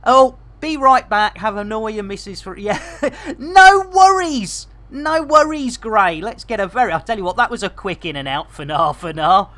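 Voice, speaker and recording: A woman chatting casually and jokily to her viewers while she plays a game live, full of slang and quick to laugh. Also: medium pitch, expressive, a bit bright. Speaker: game streamer. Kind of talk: casual live-stream chat while playing.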